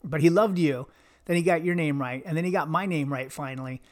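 A man with a somewhat high voice chats casually on a podcast. He rambles through stories and slips into imitations of the people he is quoting. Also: fairly quick. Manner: rambling storyteller, mimics others' voices. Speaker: podcast co-host. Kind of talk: casual chat.

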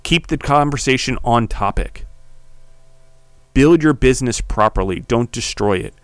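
A man's voice: medium pitch, animated, unhurried, clear, resonant tone, dry recording. Fired-up man preaching on a podcast. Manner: heated, preachy, swears, builds to shouting. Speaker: podcast host. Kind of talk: impassioned solo podcast monologue.

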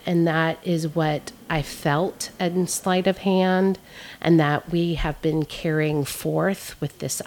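A woman's voice: low-pitched, creaky, darkish tone. A woman photographer talking in a podcast interview, earnest and reflective, laughing often. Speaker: photographer guest. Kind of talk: podcast conversation. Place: Savannah art community member.

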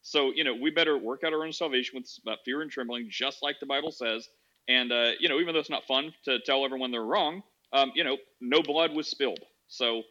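A man hosting a discussion in an online audio chat room, brisk and joking. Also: medium pitch, bright, forceful tone. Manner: brisk, joking, laughs easily. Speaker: host. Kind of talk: moderating a discussion. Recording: dull lo-fi sound.

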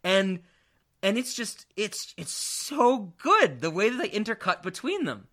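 A man hosting a casual movie podcast, animated, laughing and swearing freely. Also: sits high, a little slow. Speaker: podcast host. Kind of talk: casual movie review chat.

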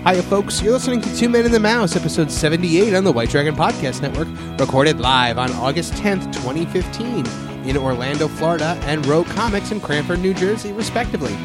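A man's voice: on the high side, lively intonation, brisk, hardly any pauses, over loud music. A man hosting a casual podcast, chatting in a rambling way with lots of fillers. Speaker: podcast host. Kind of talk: casual chat.

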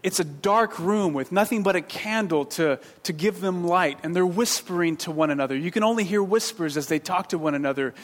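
Guy in his 30s giving a sermon, kinda high voice, jokey rambly storytelling, long echo from the hall. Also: fairly quick, few pauses. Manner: rambling storyteller with self-deprecating jokes and many restarts. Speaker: pastor.

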